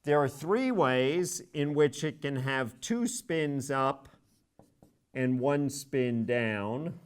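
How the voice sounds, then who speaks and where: A man's voice: mid-range voice, animated, extremely slow, smooth. A middle-aged man giving a university chemistry lecture, spelling out each step methodically and stressing key words. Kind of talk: classroom lecture.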